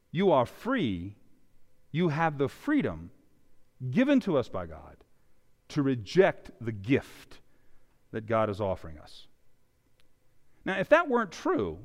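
A male pastor preaching a sermon, with animated emphasis that swings loud and soft. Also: high-pitched. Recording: long reverb of a large hall.

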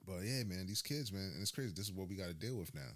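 A man hosting a casual chat, laid-back, often agreeing and dropping low when reflecting. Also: animated, fast talker, background noise. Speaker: host.

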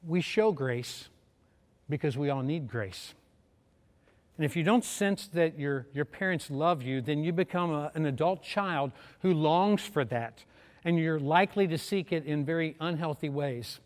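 Middle-aged man delivering a sermon story in a fairly high voice, acting out each character; recorded in a reverberant hall. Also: measured pace. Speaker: preacher.

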